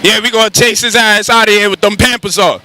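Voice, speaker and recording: A man giving a street lecture with crude banter, animated and firing rhetorical questions at passers-by, outdoors on a city street. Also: sits high, quick pace, noisy background. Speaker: street speaker.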